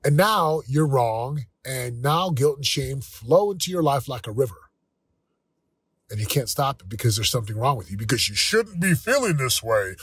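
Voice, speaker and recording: A man in his forties, hosting a motivational talk, speaking earnestly and candidly with a slightly husky voice. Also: mid-range voice, expressive, moderate pace, dry recording. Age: 40s. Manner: earnest, candid, with self-quoting asides. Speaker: podcast host.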